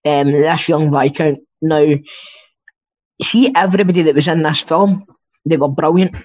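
A man's voice: on the high side, normal speed, a little mellow. A Scottish man co-hosting a podcast in casual chat, rambling and swearing freely. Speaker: podcast co-host. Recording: dull lo-fi sound.

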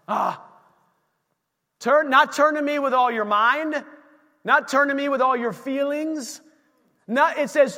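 Man, pastor, sermon, very high pitch, animated delivery, long hall reverb. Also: normal speed. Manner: animated, swings from shouting to hushed.

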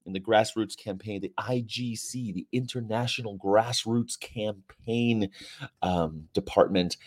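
Man, activist livestream host, low voice, sarcastic and rambling, reads chat. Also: measured pace. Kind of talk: casual livestream chat reading viewer comments. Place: hotel room.

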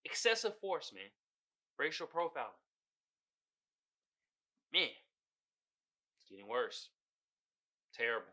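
A man hosting a podcast, giving casual solo commentary in an animated, profane way, often laughing and putting on voices. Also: on the high side, slow, long pauses. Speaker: podcast host.

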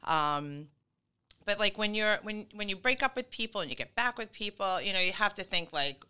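Bright, clear-voiced chatty woman. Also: mid-range voice, animated, moderate pace. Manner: chatty, full of fillers and laughs. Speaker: guest. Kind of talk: casual podcast conversation.

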